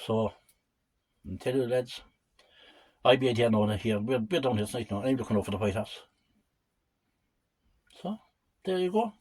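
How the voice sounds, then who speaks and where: An older man with an Irish accent spins local myths in a loose, chatty way, often turning to his listeners as lads. His voice is husky and sits at a middle pitch for a man. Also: a little mellow, poor audio. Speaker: storyteller. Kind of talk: casual folk storytelling.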